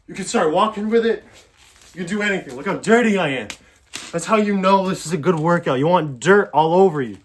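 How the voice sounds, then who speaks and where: A man's voice: high-pitched, brisk. A man giving a casual workout demonstration as a fitness vlogger, coaching in a loose, talky way.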